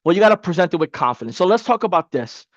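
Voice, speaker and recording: A man coaching an online class in a casual, energetic, motivational way, repeating himself for emphasis. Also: high-pitched, very fast, dry recording, dull audio. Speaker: webinar coach. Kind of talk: live online training.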